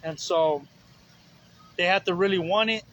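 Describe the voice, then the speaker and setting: High-voiced rambling street preacher man. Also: unhurried, a bit bright, dull audio. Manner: rambling, filler-heavy, earnest. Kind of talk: informal sermon. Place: outdoors on the streets.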